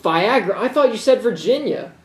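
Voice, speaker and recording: A young man co-hosting a comedy news sketch, trading sarcastic deadpan jokes with his partner. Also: high voice, normal speed, far from the mic. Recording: echoey room.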